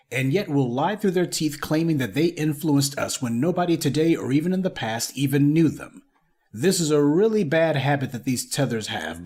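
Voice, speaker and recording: A man's voice: mid-range voice, a little mellow. A man delivering a scripted commentary monologue in an indignant, lecturing manner. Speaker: online commentator.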